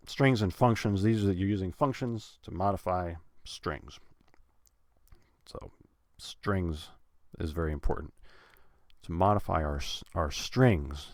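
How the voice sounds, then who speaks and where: In a relaxed instructional talk, a low-pitched man teaches English pronunciation at a normal speed, thinking aloud with fillers. He repeats example sentences, stretching out the stressed words, and the recording is studio quality with no echo.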